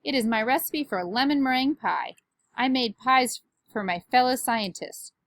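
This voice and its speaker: A woman's voice: fairly high pitch, normal speed, a bit bright, no echo, clean studio sound, pitched above the performer's own voice. A woman reading a storybook aloud, voicing a cheerful, literal-minded housekeeper who speaks earnestly.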